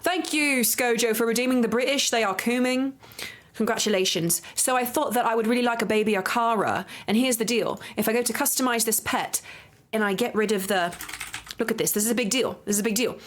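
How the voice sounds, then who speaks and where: A woman livestreamer chatting casually to her viewers while playing a game, bubbly and playful, with baby talk, casual swearing and high squeals when excited. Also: a little fast. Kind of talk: casual gameplay chat.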